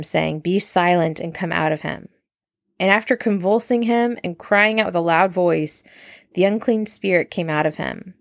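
A woman's voice: mid-range voice, dry recording, clean studio sound. A woman leading a casual verse-by-verse Bible study, reading scripture aloud and then commenting in an enthusiastic, chatty way. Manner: chatty, frequent "like" and laughs.

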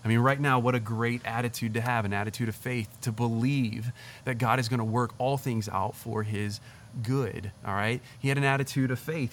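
A young man, a pastor, giving a casual, conversational sermon in an animated, chatty way, often saying "like" and "literally.". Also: medium pitch, slight background noise.

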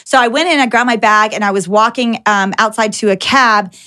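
A young adult woman hosting a podcast, telling anecdotes in an animated, filler-heavy casual chat. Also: a little high, brisk. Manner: animated storyteller with many "like" fillers. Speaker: podcast host.

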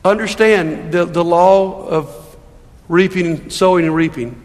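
A man preaches from the pulpit with a high, earnest voice, pleading with his congregation through rhetorical questions. His words ring out with a long reverb that fills the church hall. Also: measured pace. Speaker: pastor. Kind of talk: sermon. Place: church sanctuary.

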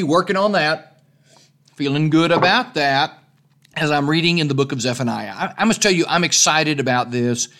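A man's voice: a little high, a bit bright. An older man, a preacher, giving a casual devotional talk on a podcast in a folksy, earnest way, often restarting his sentences.

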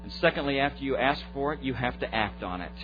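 A man preaching as a pastor, giving a short devotional in an earnest way that grows lively when he retells a story. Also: mid-range voice, fast talker. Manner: earnest preaching that turns lively and loud in retold stories. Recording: dull lo-fi recording with faint mains hum.

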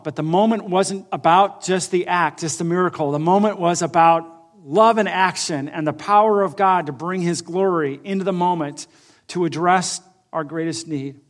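Man preaching a conversational sermon. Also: on the high side. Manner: conversational preaching, swings from loud to soft. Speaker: pastor.

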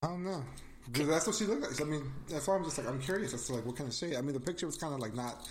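A man co-hosting a casual podcast chat, sassy and animated, swearing freely and laughing often. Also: fairly high pitch, racing. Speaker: podcast co-host.

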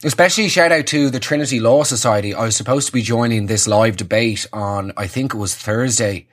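A man's voice: medium pitch, a little fast. Wry, sweary young man. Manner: wry, self-mocking, sweary asides. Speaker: comedian hosting his own show. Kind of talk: casual comic monologue to camera.

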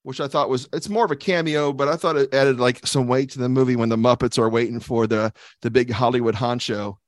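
A man's voice: medium pitch, steady tone, a little fast, no room sound, studio quality. A man co-hosting a casual movie podcast, rambling and laughing often, with many restarts. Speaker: podcast co-host. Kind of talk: casual chat about movies.

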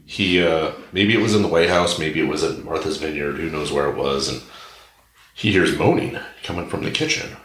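Very deep-voiced man telling crude jokes. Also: normal speed, fairly bright tone. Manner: rambling, irreverent, joking. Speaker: podcast host. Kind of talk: crude comedic storytelling. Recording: echoey room.

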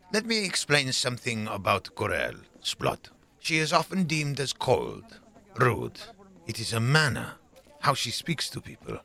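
A man playing a stern, gravelly astronomer. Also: fairly low pitch, bright, forceful tone, exaggerated voice. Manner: measured, commanding. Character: stern authoritative male court astronomer.

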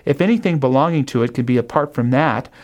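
A man's voice: medium pitch, fast talker, a little mellow, lightly acted. A man reading aloud and voicing an earnest, cheerful young man pleading with his uncle.

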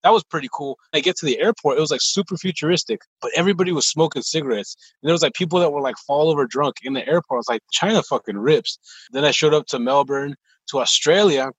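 A man's voice: a little high, quick pace, slightly rough, no echo, low-quality recording. A young man from the United States casually telling stories from his life as a chef, acting out quotes, with lots of "like" and "dude". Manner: laid-back, animated retelling with quoted dialogue, lots of "like" and "dude". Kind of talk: casual storytelling.

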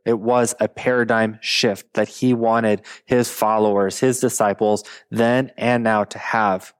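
A man in his thirties, a pastor preaching a sermon with animated, playful storytelling. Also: mid-range voice.

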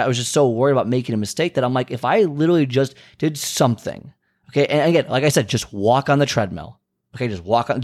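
A man casually telling a personal story as a fitness vlogger, rambling with restarts and asides, and acting out quoted lines in a higher voice. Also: darkish tone. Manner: rambling, self-interrupting, frequent restarts and asides; acts out quoted dialogue with pitch jumps.

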